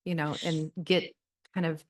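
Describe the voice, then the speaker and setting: A woman's voice: low voice, flat delivery, a little slow. A woman hosting an interview, mostly giving short affirmations and asking follow-up questions. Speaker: podcast host. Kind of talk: interview host.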